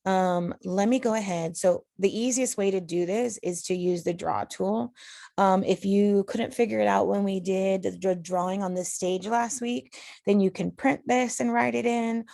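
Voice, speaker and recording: A woman's voice: mid-range voice, moderate pace, creaky, mellow, no room sound, studio quality. A woman teacher patiently talking students through a recorded online lesson, step by step. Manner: patient, explanatory, talks students through steps.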